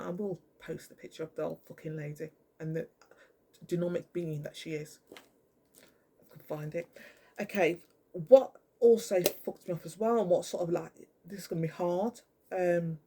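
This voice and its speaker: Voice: medium pitch, normal speed, gravelly, mellow. A speaker delivering an angry, profane, rambling monologue to camera.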